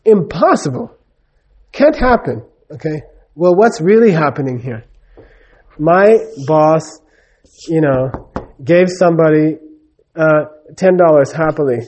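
A man's voice: on the high side, unhurried, pauses often, darkish tone. A man giving a live teaching talk. He speaks conversationally, checks in with the audience often, and acts out the dialogue in his stories. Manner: tells stories with acted-out dialogue. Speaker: spiritual teacher.

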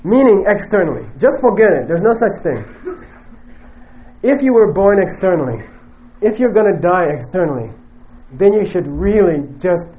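A man's voice: fairly high pitch, darkish tone, rough recording. A man teaching Buddhist philosophy in a lecture, joking and laughing often and ending points with "okay?". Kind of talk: classroom dharma lecture.

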